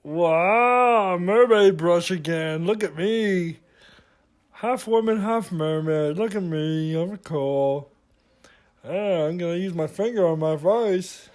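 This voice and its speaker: A man's voice: high voice, slow pace. A man voicing a boastful, goofy beauty vlogger. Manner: gasping exclamations and mild swearing; humming filler syllables while working. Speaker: husband narrating his wife's makeup tutorial. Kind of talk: comic voice-over narration.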